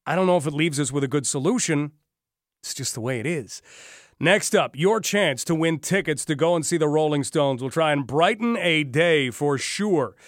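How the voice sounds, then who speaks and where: A man's voice: on the high side, lively intonation, moderate pace, no room sound. A man hosting talk radio from a studio mic, conversational and wry, with dry sarcasm. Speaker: radio talk show host. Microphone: studio microphone.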